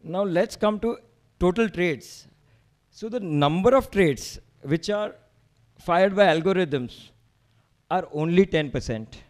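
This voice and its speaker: Indian male presenter, a little higher-pitched than most, emphatic meetup talk. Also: animated, slow pace, pauses often, darkish tone. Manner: emphatic, rallying, rhetorical questions. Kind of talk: slide presentation to a live audience.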